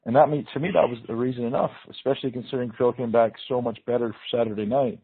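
A man's voice: mid-range voice, steady tone, very fast, husky. A man hosting a podcast interview, emphatic and casual, often calling his guest "man" and "dude". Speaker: host, bodybuilder. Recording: tinny phone-line audio.

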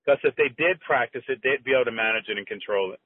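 Appearing as a guest, a middle-aged former competitive bodybuilder tells stories in an animated, halting way, restarting often and acting out quoted dialogue. His husky, mid-range voice comes through dry, tinny phone-line audio with no echo.

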